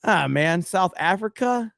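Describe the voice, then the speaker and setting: A man's voice: high-pitched, animated, unhurried, vocal fry, a bit bright, no room sound, clean studio sound. A man hosting his own livestream in a chatty way, reading viewer comments aloud and laughing often. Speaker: livestream host. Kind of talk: casual livestream sign-off.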